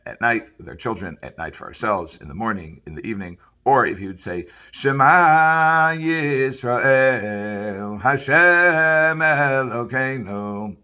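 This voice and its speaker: A man's voice: fairly low pitch, sharp tone. A man, a rabbi, giving a Torah lecture, explaining Hebrew verses and translating them line by line. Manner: sometimes chants a phrase in a slow, drawn-out sing-song.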